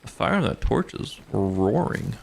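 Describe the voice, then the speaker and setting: Gravelly low-voiced man streaming a game. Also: measured pace, a little hiss or hum. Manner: relaxed, thinks aloud, laughs easily. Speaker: gaming streamer. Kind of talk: casual live gameplay commentary.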